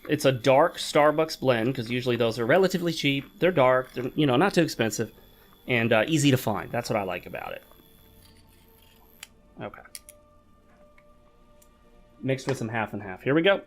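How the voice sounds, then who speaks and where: A man's voice: mid-range voice, animated, normal speed, long pauses, faint music behind. Man with a mid-range voice, gaming host who rambles chattily to viewers between moves. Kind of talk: casual gameplay commentary. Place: home gaming desk.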